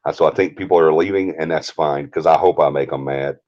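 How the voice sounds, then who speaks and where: Man, Southern US accent, very low voice, indignant, confrontational, dull muffled sound. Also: brisk, a little mellow. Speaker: paranormal team leader, stream host. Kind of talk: live-stream rant.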